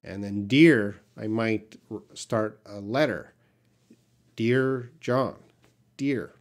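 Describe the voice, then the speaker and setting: A man's voice: on the low side, extremely slow. Canadian man teaching on a live stream. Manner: reads viewer questions aloud and answers plainly, blunt at times. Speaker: English teacher.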